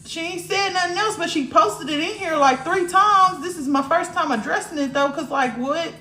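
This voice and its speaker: A woman's voice: extremely high pitch, moderate pace, sharp tone, echoey room, faint music behind. A woman hosting a casual livestream, talking bluntly and profanely straight to her viewers in the chat. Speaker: livestream host.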